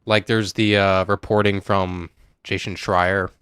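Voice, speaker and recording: A man's voice: deep voice, little pitch movement, measured pace, a bit bright, clean tone, dry recording, studio quality. A young man streaming a game and chatting casually with viewers, sighing and emotional, on the verge of tears. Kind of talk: casual live-stream chat.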